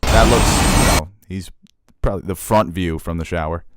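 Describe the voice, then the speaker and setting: A man's voice: low-pitched, moderate pace, very noisy. A young man co-hosting a casual podcast chat, joking around and riffing. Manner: joking, jumps into silly voices. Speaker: podcast co-host. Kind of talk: casual movie trailer chat.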